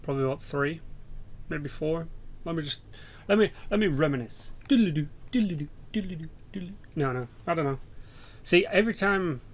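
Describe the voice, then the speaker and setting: A young English gaming YouTuber rambles through casual game commentary, swearing as he goes. His voice is fairly high, his pace moderate, and he pauses often.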